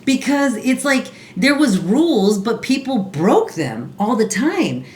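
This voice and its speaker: A woman's voice: fairly high pitch, big pitch swings, takes it slowly, darkish tone. Woman on a podcast, earnest confessional storytelling, lots of restarts, echoey room sound. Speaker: podcast co-host sharing her story. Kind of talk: casual podcast conversation. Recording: roomy echo.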